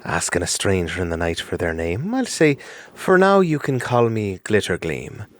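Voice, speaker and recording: A man's voice: sits low, big pitch swings, moderate pace. A man doing a sly teasing fairy. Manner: teasing, calls others lad.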